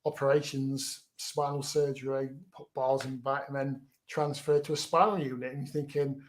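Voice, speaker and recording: A man's voice: medium pitch, little pitch movement, moderate pace, few pauses. A middle-aged man, frankly recounting his own story as a guest in an interview, often restarting his words. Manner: frank, plain-spoken, repeats words as he restarts.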